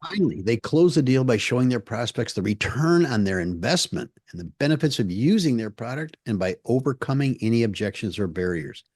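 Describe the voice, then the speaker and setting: A man's voice: mid-range voice, lively intonation, fairly quick, few pauses, darkish tone, breathy edge, dry recording. Man, business podcast co-host, explaining, occasional stumbles, dry sound. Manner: explanatory, reads examples aloud with small slips. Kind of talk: casual podcast chat.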